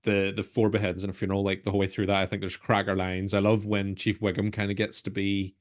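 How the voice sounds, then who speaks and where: Northern Irish man, lowish voice, rambling casual chat, frequent agreeing murmurs. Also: monotone, fast talker. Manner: rambling, lots of backchannel agreement. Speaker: podcast co-host.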